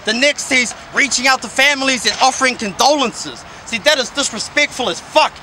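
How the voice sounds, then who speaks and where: A man's voice: extremely high pitch, lively intonation, fairly quick, sharp tone, a little hiss or hum. A young man spitting an aggressive, mocking battle rap verse outdoors by a skate park. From New Zealand. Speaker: battle rapper.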